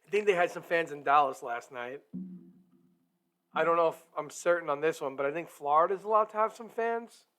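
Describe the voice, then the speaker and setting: Chatty guy running a hockey stream, upbeat, kinda higher voice, talks right at the chat. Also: fairly quick, a bit bright, soft background music. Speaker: streamer hosting a hockey talk show. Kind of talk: casual live-stream chat.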